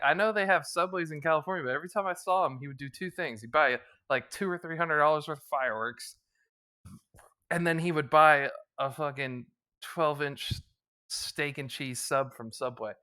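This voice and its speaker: A young man from the US East Coast hosts a podcast, telling crude, joking stories in casual chat and laughing as he goes. His voice is on the high side, pushed and bright, at normal speed.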